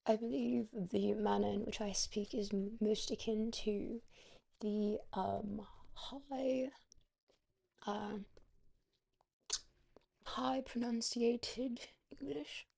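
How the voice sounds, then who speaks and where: Woman with heavy vocal fry. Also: fairly high pitch, steady tone, takes it slowly, long pauses, warm tone. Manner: quaintly formal, theatrical phrasing; hesitant, searching for words. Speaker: livestreamer reading aloud to chat. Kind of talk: casual livestream chat and reading aloud.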